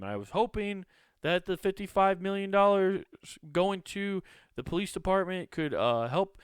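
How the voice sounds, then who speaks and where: A man's voice: high-pitched, lively intonation, moderate pace, clear, resonant tone, no echo. A man hosting a solo comedy podcast, ranting in a profane, rambling, incredulous way on a close podcast mic. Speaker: podcast host.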